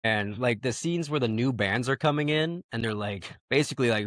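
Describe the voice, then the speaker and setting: A man chatting casually as a book podcast co-host, rambling happily through his points with plenty of "like" and "uh". His voice sits at an ordinary middle pitch, recorded close and dry with no room sound. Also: expressive, normal speed, fairly bright tone, no echo. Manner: rambling, enthusiastic, many fillers. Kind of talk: casual book-review chat.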